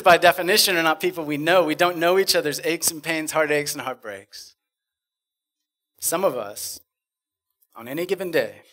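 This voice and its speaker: A man on a conference stage performing spoken-word poetry, rhythmic and dramatic, swinging from loud bursts to hushed lines. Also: on the high side. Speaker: conference speaker.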